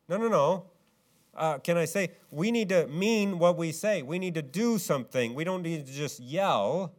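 A male pastor delivering a sermon, full of rhetorical questions, swinging between loud, emphatic rises and quiet, low stretches. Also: lively intonation, moderate pace.

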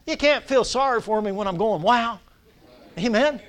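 A man's voice: high voice, lively intonation, fairly quick. A male Baptist pastor, preaching a sermon, drawing out key words and prompting the congregation to answer. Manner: call-and-response with the congregation.

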